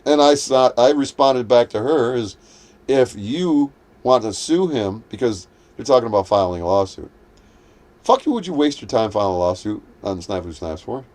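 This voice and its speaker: A man's voice: fairly low pitch, darkish tone. Profane man ranting on a livestream. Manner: heated, profane, combative. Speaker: livestream host. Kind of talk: livestream rant.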